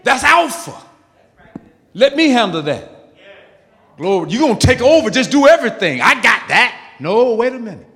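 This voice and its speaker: High-voiced preacher in a reverberant hall. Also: male voice, sing-song, normal speed. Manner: emphatic, call-and-response preaching with sudden loud peaks. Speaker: pastor. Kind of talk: sermon.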